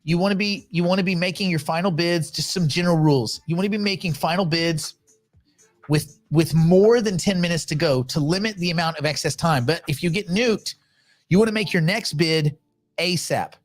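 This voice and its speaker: A man's voice: on the high side, moderate pace, faint music behind. A man casually hosting a livestream, talking in a rambling, chatty way with frequent restarts. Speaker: livestream host.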